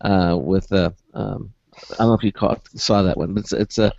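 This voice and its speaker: Gravelly, halting radio host. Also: male voice, sits low, fairly even intonation, darkish tone, no room sound, muffled recording. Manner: halting, full of uhs and restarts. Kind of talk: casual radio chat.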